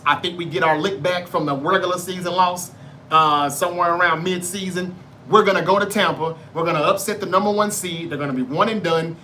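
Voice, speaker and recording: A man's voice: high-pitched, pushed and bright, a little hiss or hum. A man hosting a sports debate show, giving football predictions in a brash, profane, trash-talking monologue.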